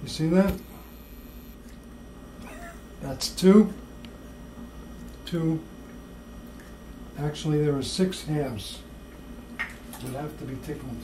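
A home cook talking through baking in a slow, whimsical, playfully mock-serious way in a kitchen. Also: mid-range voice, dark tone, roomy sound, a little hiss or hum, low-quality recording. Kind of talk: playful cooking video banter.

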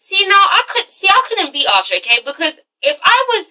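High bright sassy woman reviewer. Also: very animated, brisk, rough recording. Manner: sassy, profane, tags lines with "okay?". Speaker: TV episode reviewer. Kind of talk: casual recap vlog.

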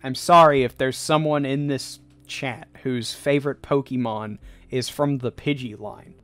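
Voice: mid-range voice, fairly even intonation, unhurried, a bit bright, soft background music. A livestreamer chatting casually to chat while drawing, goofy and laughing often between jokey asides.

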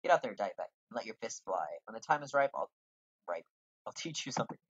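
A man's voice: medium pitch, big pitch swings, fast talker, fairly bright tone, slightly rough, no echo, lo-fi sound. A man reading out a bossy male guildmaster from a role-playing game in a put-on lecturing voice.

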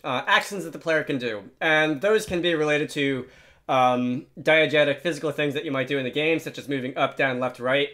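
A young adult man hosting a casual coding tutorial, chatty and joking, often pausing on filler words and restarting his sentences. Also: on the high side, sharp tone. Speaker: programming tutorial host. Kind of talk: casual screen-share tutorial.

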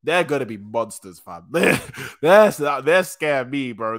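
A young man hosting a casual manga reaction, excitable and slangy, often stopping to correct himself. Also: medium pitch, unhurried. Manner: excitable slangy chatter, frequent restarts.

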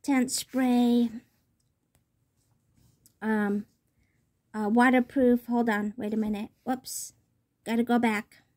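A woman with a fairly high voice talks through product tips in a casual vlog. She is chatty and rambling. She often stops to say um and restarts her sentences. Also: flat delivery, slow pace, long pauses, darkish tone. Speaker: vlogger.

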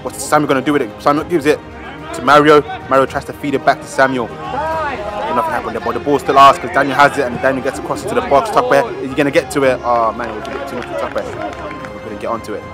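A man giving lively, slangy amateur commentary on his club's football match. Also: mid-range voice, quick pace, over music, a crowd in the background. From South London. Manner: casual slang, cheering and groaning over plays.

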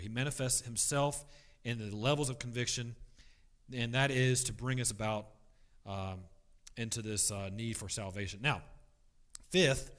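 A man teaching a church Bible class, emphatic, swinging between loud stress and quiet asides, often repeating words as he restarts. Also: mid-range voice.

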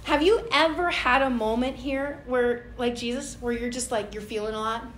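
In a roomy church hall, a woman pastor with a bright, high voice gives a loose, chatty sermon at a moderate pace, her intonation fairly even. She acts out everyday prayers in playful little voices. A faint hum lies under the ringing room.

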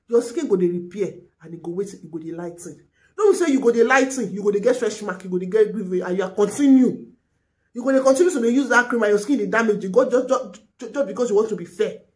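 A young Nigerian woman vlogging an angry rant into a phone camera, pleading and animated, mixing in pidgin. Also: mid-range voice. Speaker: skincare vlogger and seller.

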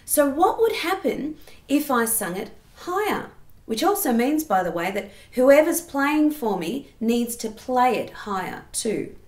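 A woman's voice: high voice, sing-song, unhurried, reverberant. A woman giving a singing lesson, explaining step by step and breaking into sung examples. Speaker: singing teacher.

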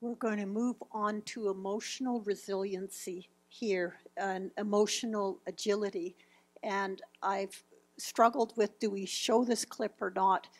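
A woman's voice: mid-range voice, steady tone, unhurried. A woman in her fifties presenting a grief seminar, speaking reflectively as she walks through slides and quotes. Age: 50s.

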